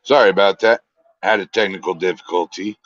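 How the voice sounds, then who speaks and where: A man guesting on a podcast over a call, joking and relaxed in casual banter. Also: low-pitched, fast talker, dry recording. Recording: dull lo-fi call audio.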